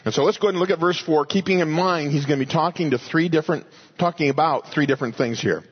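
A man preaching a sermon, teaching earnestly and rising to emphatic exhortation, with a husky voice. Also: on the high side, quick pace, dull audio.

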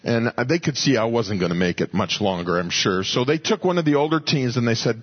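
A man's voice: mid-range voice, animated, fairly quick, hardly any pauses, husky, highs cut off. A man pastor giving a sermon in a folksy, conversational storytelling way.

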